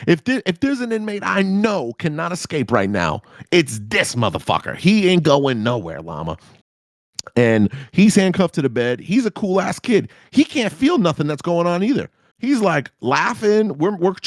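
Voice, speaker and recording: A man spins a crude story as a podcast host, his pitch leaping around as he acts out his own reactions. He talks casually and swears freely. The sound is dry and close, with no room in it. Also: dry recording. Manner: animated, profane, jumps into high-pitched reactions.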